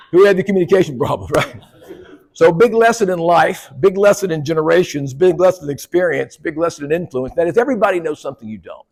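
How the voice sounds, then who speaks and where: A man's voice: fairly high pitch, expressive, brisk, gravelly, a little mellow. A man giving a humorous keynote speech at a conference, joking with and teasing the audience. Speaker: keynote speaker. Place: conference hall.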